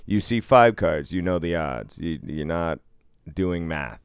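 Deep-voiced blunt casino guy. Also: animated, unhurried, smooth, no echo, studio quality. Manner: profane, blunt, laughs often. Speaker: casino dealer, podcast co-host. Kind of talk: casual chat.

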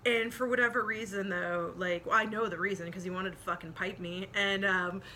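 A woman's voice: medium pitch, fairly even intonation, fairly quick, bright, forceful tone. Female podcast host, brash and profane, rambling anecdote, faint noise behind her. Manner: profane, rambling, laughs through story. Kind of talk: casual storytelling.

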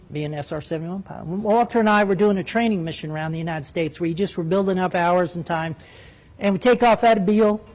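A man, a former military jet pilot, telling a flying story in an animated way, acting out radio calls. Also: high voice. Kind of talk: spoken storytelling.

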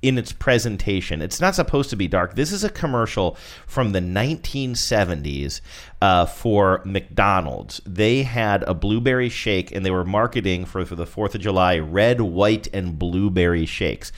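A man's voice: low-pitched, lively intonation, moderate pace. A man co-hosting a casual chat, joking and describing commercials. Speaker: podcast co-host. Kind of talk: casual chat reviewing ads.

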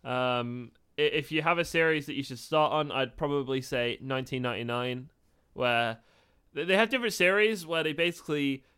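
A man's voice: medium pitch, normal speed, sharp tone, clear, resonant tone. A young man co-hosting a podcast in casual chat, teasing and laughing often. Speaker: podcast co-host.

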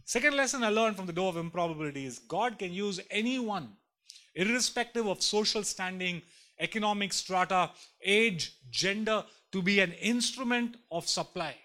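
A man's voice: high-pitched, lively intonation, normal speed, pushed and bright. A man preaching a sermon emphatically, repeating lines and building in intensity. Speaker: pastor.

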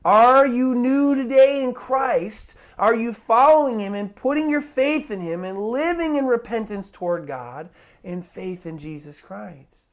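A preacher in the middle of an evangelistic sermon, urging listeners with an insistent, pleading delivery. The voice sits at a middling pitch and keeps doubling back on its words, repeating and restarting phrases as it pushes toward a call to respond. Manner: pleading, repetitive and urgent.

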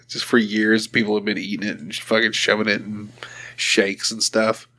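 A man's voice: on the low side, level tone, moderate pace, bright, forceful tone. A man hosting a podcast in casual chat, laid-back, swearing freely and laughing often. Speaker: podcast host.

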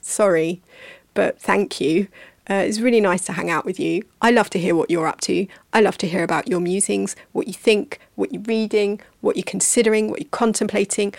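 A woman's voice: mid-range voice, creaky, no echo. A woman around forty, a podcast host and yoga teacher, signing off in a casual, rambling and affectionate way with lots of fillers.

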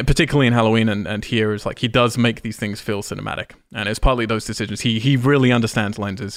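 A man's voice: mid-range voice, no room sound. Enthusiastic man talking movies, dry sound. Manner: enthusiastic, swears casually. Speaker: podcast host. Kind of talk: casual film discussion.

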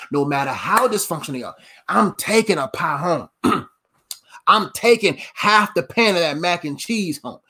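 A man preaching a sermon, telling humorous stories in a lively, conversational way with casual slang. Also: high voice, husky. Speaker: preacher and coach.

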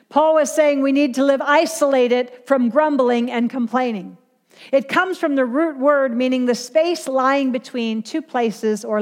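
High-voiced woman teaching Scripture. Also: in a large hall. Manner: earnest, confessional, word-by-word explanation. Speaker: Bible teacher. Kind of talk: devotional Bible teaching.

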